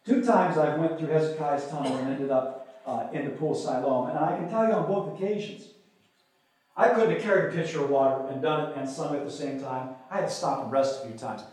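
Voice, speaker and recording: Husky-voiced preacher delivering a sermon. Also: male voice, fairly high pitch, brisk, darkish tone. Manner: preaching with rising emphatic cries, reading scripture aloud. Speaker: pastor.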